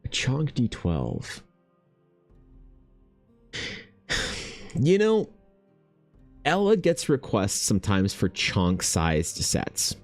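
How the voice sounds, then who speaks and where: A young man streaming casually, excitable and thinking aloud, swearing freely as he chats. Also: low-pitched, drawn-out words, long pauses, no room sound, faint music behind. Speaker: art streamer. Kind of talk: casual livestream chat.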